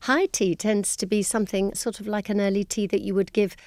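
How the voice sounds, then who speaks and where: A middle-aged English woman, a London tour guide, explaining customs in a chatty, gently amused way on a radio interview. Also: medium pitch, steady tone, a little fast, no room sound.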